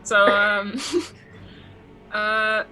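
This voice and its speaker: A woman's voice: medium pitch, monotone, drawn-out words. A woman playing a tabletop game, casual and swearing freely with laughs. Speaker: player.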